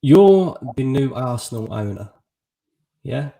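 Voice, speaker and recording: A man's voice: medium pitch, very animated, takes it slowly, creaky, warm tone, low-quality recording. A man hosting a casual live stream, asking questions and reading viewer comments in an easygoing way. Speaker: host.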